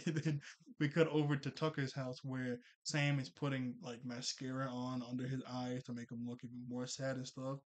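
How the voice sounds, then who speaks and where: A young man casually recapping a cartoon episode, chatty and quick to laugh, full of fillers and restarts. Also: mid-range voice, little pitch movement.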